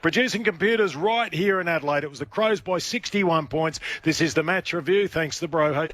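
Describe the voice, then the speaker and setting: An Australian man hosting live radio talkback after a football match, with quick, upbeat, matey banter. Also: on the high side, a bit bright, slight background noise.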